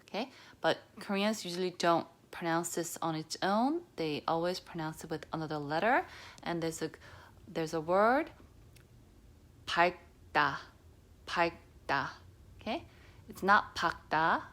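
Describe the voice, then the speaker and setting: A woman teaching a pronunciation lesson, patiently repeating sounds and often dropping to a soft near-whisper. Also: on the low side, lively intonation, moderate pace. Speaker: Korean language teacher.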